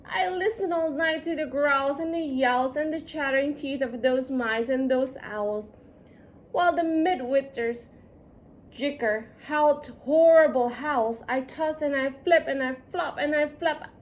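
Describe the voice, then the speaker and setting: A woman reading a rhyming children's storybook aloud in a sing-song, expressive way. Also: sits high, unhurried. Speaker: storybook reader.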